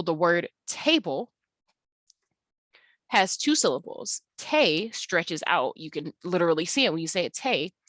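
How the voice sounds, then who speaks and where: A woman's voice: fairly low pitch, fairly bright tone, dry recording. A woman teaching an English class in a recorded slide tutorial, explaining casually with lots of fillers and restarts.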